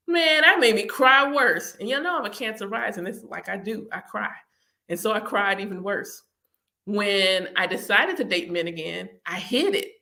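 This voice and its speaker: A woman's voice: mid-range voice, moderate pace, bright, forceful tone. A woman hosting her own channel, telling personal stories casually with lots of laughter and acted-out reactions. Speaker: channel host.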